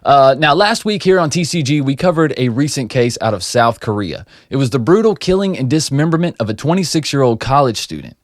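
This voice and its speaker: Male podcast host, upbeat and jokey, average pitch, dry studio sound. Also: dry recording. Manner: upbeat, joking banter. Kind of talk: casual podcast chat and case rundown.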